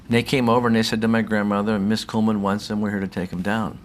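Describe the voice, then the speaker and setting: A man giving a personal testimony in an interview, telling his story as an animated storyteller who acts out the voices of others. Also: fairly low pitch, quick pace, slight background noise. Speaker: faith healer telling his story as a guest.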